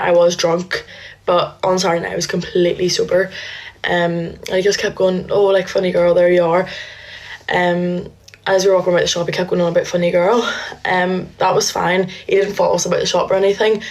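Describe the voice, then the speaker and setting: A young woman tells a story in a hesitant, filler-heavy way. She talks fast in a flat, low voice. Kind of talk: casual storytelling.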